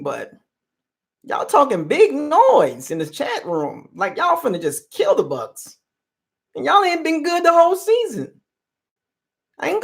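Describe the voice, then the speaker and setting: A man hosting a football fan channel, chatting casually on a live stream and teasing fans in the chat. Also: high voice. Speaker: sports channel host.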